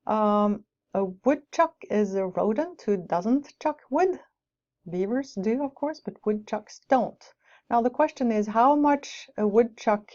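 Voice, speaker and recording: Mellow-voiced woman giving a lecture. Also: fairly high pitch, lively intonation, slow pace. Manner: explanatory, with light asides. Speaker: teacher educator. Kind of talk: lecture on teaching English with rhymes. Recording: dull lo-fi recording.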